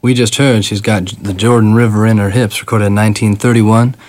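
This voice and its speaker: A man hosting a radio show, presenting casually and talking in a hesitant, halting way with many fillers. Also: fairly low pitch, fairly even intonation, a little mellow. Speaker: radio host.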